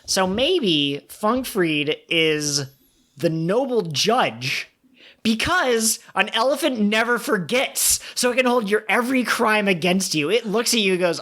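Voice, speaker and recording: A woman co-hosting a podcast in casual chat, animated and laughing often as she riffs on theories. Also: lowish voice, unhurried. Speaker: podcast co-host.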